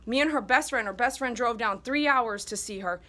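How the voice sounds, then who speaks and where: A woman dog groomer talks straight to her viewers in a casual, heartfelt vlog monologue. Her voice sits a little high and rings bright and forceful. She drives her points home with plain emphasis. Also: moderate pace.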